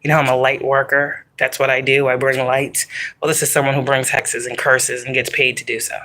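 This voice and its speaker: Forceful, profane woman giving a psychic reading. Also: rumbling low, level tone, brisk, low-quality recording. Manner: profane, rambling, emphatic. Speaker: psychic tarot reader. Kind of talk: casual spiritual reading to viewers.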